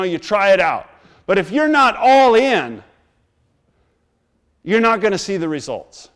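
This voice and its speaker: High-pitched man preaching with fervor. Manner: storytelling, laughing at his own past, rising into emphatic exhortation. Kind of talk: sermon.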